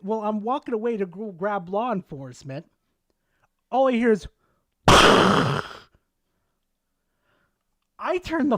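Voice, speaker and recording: A streamer telling a story to chat in a casual, animated way, swearing a lot. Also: medium pitch, no echo, studio quality.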